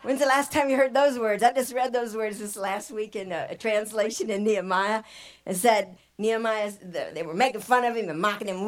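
A woman's voice: mid-range voice, a little fast. A woman giving an exuberant, praise-filled informal sermon at a church conference. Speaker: missionary singer and speaker.

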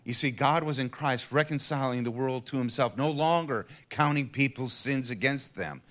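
A middle-aged man earnestly telling a personal faith testimony in an interview, dropping to a hush and then rising to emphatic passages. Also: medium pitch, normal speed. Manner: earnest storyteller, swings from hushed to emphatic. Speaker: guest sharing a personal testimony.

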